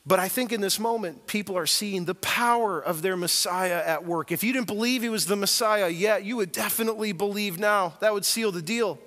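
A man preaching a sermon as a pastor, earnest and emphatic, swinging from quiet to loud as he tells the story. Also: high-pitched, brisk, few pauses, long reverb tail, faint music behind.

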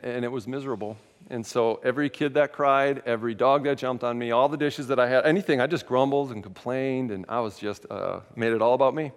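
A man preaching a sermon as a pastor, telling stories in a candid, self-mocking way. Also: medium pitch. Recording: long hall reverb.

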